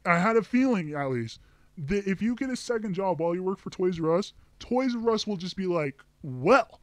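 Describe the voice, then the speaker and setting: A man's voice: sits high, lively intonation, normal speed, no room sound. A young man ranting to camera, telling a heated, profane story about a bad job with angry outbursts. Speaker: vlogger. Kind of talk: angry personal rant.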